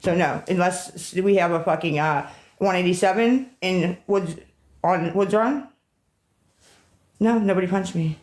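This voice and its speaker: A woman's voice: fairly low pitch, unhurried, a little mellow, rough recording. A woman livestreaming on her phone, ranting in an agitated, profane way and rambling between topics. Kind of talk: rambling live-stream talk.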